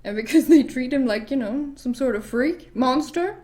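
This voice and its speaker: A woman's voice: high voice, animated, moderate pace, warm tone. A woman vlogger casually retelling a myth while painting her nails, rambling, swearing freely, laughing and getting distracted.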